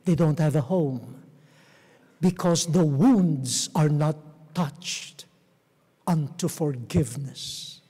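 A middle-aged man from the Philippines, a cardinal, giving a gentle storytelling talk with soft chuckles to a theatre audience. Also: a little high, slow pace, long pauses, slightly rough. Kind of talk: homily-style talk to a live audience. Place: large theatre. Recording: long reverb of a large theatre.

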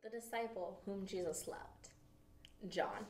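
A woman leads a children's Bible lesson, telling the story with lively, animated expression. Her voice rings in an echoey room, picked up from a distance. Her pitch sits in the middle range. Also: takes it slowly, slight background noise. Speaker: children's ministry teacher.

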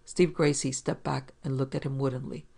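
A man narrating a hard-boiled detective story in a steady, measured reading. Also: medium pitch, gravelly.

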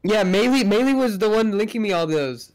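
A man's voice: high-pitched, animated, fairly quick. A young man playing a horror game with a friend, joking, laughing and jumpy. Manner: jumpy, laughs a lot, jokey. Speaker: co-player. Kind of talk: casual gaming chat.

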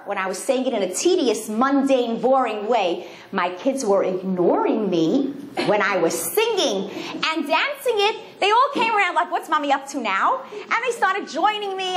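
A middle-aged woman with a high voice gives an inspirational talk to a women's group. She tells her stories with animated, acted-out quotes. The sound is roomy and echoey, with a faint hum of background noise. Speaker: speaker.

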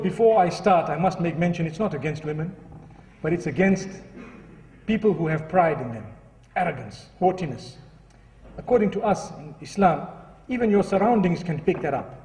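High-voiced preacher in an echoey hall. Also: male voice, far from the mic. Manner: storytelling, lively and earnest. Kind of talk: sermon.

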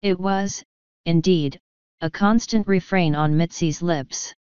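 A woman reads an audiobook in a steady, measured way. Her voice is lowish and very clear, recorded dry and close with no room around it, though the sound is a little dull and lo-fi. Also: no echo. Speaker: audiobook narrator. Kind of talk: scripted narration.

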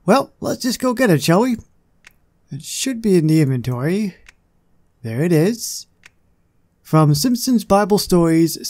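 A chatty man narrates his gameplay with a mellow, rounded tone. He drifts into muttered, self-deprecating asides. His voice sits slightly high. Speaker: gaming channel host. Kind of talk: casual gameplay commentary.

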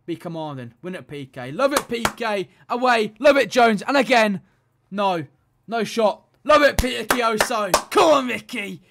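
Gaming creator, man, high-pitched, excitable play-by-play that jumps between mumbles and shouts. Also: normal speed, vocal fry, noisy background. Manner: excitable, swings from muttered pleading to loud shouting. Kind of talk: excited video game commentary.

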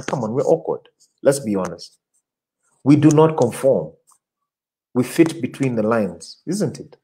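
In a low-quality recording with a little hiss or hum, a fairly low-pitched man answers audience questions during a relaxed interview. He works as an advertising creative director and speaks with energy, frequently repeating words as he searches for what comes next.

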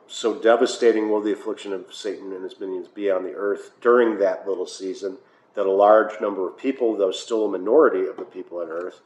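Low-pitched american pastor man chatting thru a bible study, dry little asides, echoey church room. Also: a little mellow. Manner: conversational, with filler uhs and wry asides. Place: church hall. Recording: echoey room, faint noise.

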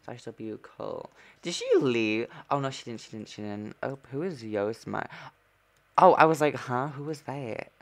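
A man's voice: medium pitch, moderate pace, creaky. Man, gaming streamer, sassy chatter, sudden squeals, gameplay commentary.

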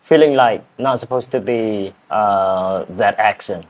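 A man's voice: fairly low pitch, unhurried, few pauses. A man whose first language is Khmer practices words over and over, laughing at his own attempts as he hosts an English lesson. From Cambodia. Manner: repeats words again and again, laughing at himself. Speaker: English teacher and channel host. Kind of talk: casual accent practice lesson.

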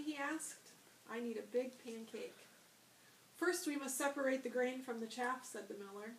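Woman librarian reading a children's storybook aloud, high voice, expressive, a bit off-mic in an echoey room with noise behind. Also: normal speed, distant mic. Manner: expressive storybook reading, bright shouts for the boy's lines. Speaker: school librarian.

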